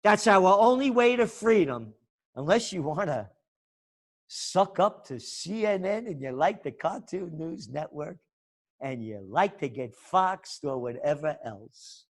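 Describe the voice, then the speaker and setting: A man's voice: fairly high pitch, expressive, unhurried. A man speaking as a podcast guest in a fiery, ranting, sarcastic way. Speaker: guest, trends forecaster. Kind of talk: impassioned podcast interview.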